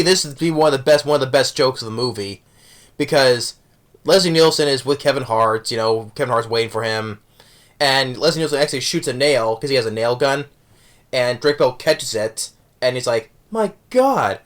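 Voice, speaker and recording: A man casually reviewing a movie, rambling with many restarts and self-corrections, chuckling as he recounts the jokes. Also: medium pitch.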